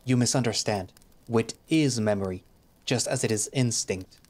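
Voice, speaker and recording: A man's voice: mid-range voice, normal speed, natural voice. A man voicing a stoic male creature warrior who speaks formally, in a visual novel reading. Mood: calm. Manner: formal speech without contractions.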